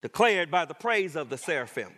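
A man preaching a sermon as pastor, with emphatic, rising declarations and deliberate repetition. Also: fairly high pitch, big pitch swings, bright, forceful tone.

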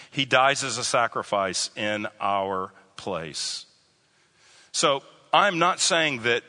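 Male preacher, emphatic and repetitive, bright edge, big reverberant room. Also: mid-range voice. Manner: emphatic, repeats key phrases, slows down on stressed lines. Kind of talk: sermon.

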